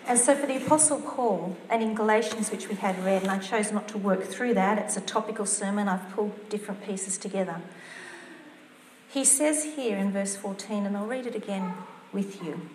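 A woman's voice: medium pitch, moderate pace, a little mellow, a little hiss or hum. Woman preaching in a roomy church. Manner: earnest, conversational preaching with scripture reading. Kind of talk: topical sermon.

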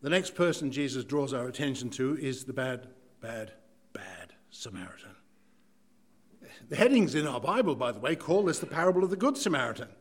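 A preacher with a voice a touch on the high side, delivering a sermon with theatrical flair. He swings from forceful emphasis down to quiet, near-whispered asides. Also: lively intonation, fast, few pauses. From Ireland. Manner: dramatic, shifts between loud emphasis and hushed asides.

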